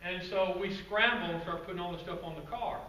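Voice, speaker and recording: A man giving a guest-speaker presentation to a club audience, telling stories in a relaxed, conversational way with asides to the crowd. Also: high voice, brisk. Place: meeting room with an audience. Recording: roomy, distant, faint background noise.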